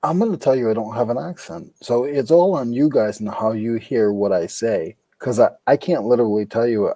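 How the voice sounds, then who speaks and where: A man's voice: medium pitch, a little fast, dark tone, no echo. A man from New England with a Rhode Island accent, joking in a laid-back casual chat on a podcast.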